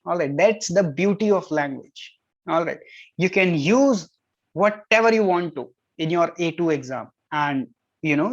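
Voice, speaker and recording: A tutor gives exam tips in a middle-pitched voice, switching between explanations and French example phrases. They keep saying "all right" between points. The recording sounds dull and lo-fi.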